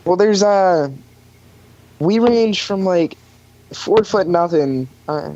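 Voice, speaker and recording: A man's voice: high voice, slow pace, mellow. A young man casually telling a long work story on a podcast, full of fillers and acted-out quotes. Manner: rambling storyteller with many fillers, acts out quoted voices. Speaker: podcast guest recounting lifeguard job. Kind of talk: casual chat. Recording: dry, dull lo-fi sound.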